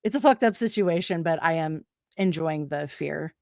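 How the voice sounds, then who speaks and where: An American woman with a fairly low voice tells a wild work story in casual talk. She swears freely and leaps up in pitch whenever she acts out what someone said. The sound is dry and close. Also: moderate pace, gravelly, dry recording. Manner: animated, profane, acts out quotes with big pitch jumps. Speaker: guest.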